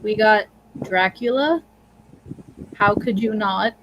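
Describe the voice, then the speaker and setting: A podcast co-host chatting casually about horror films, unhurried and hesitant, sometimes stumbling over words. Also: mid-range voice, muffled recording. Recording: noisy home recording.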